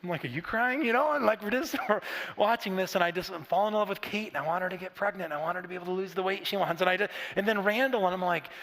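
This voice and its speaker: A man's voice: high-pitched, rapid-fire, fairly bright tone, long reverb tail. A middle-aged man preaching a sermon in a conversational, storytelling way with frequent restarts and asides. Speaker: pastor. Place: large church auditorium.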